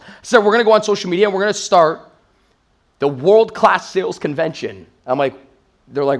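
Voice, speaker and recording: Man in his thirties, from Toronto, sales trainer on stage, high voice, rapid hype delivery. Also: animated. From Toronto, Canada. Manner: intense, hype-driven storytelling with acted-out quotes. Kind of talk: energetic motivational stage talk. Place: stage in a live event room.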